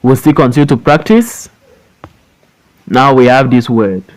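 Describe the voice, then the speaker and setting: Male teacher, unhurried delivery, spells out words in slow syllable chunks for an online class. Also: mid-range voice, poor audio. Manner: stretches words out syllable by syllable, repeats them. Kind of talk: slow classroom phonics lesson. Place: voice-over for an online lesson.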